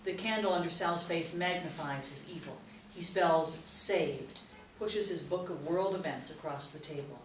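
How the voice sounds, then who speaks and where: A woman narrates stage directions in a crisp, matter-of-fact way. Her voice is low for a woman. She is heard from a distance in a roomy space, with a faint hiss underneath. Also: moderate pace. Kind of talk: screenplay table read narration.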